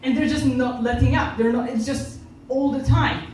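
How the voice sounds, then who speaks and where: A woman with a Polish accent performs a stand-up set, animatedly acting out the people in her stories. Her voice sits a little high. She is heard from some way off in a very echoey room, with a faint hiss underneath. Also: normal speed, recorded from a distance. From Poland. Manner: animated storytelling, acting out other people's lines. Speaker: stand-up comedian. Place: comedy club stage.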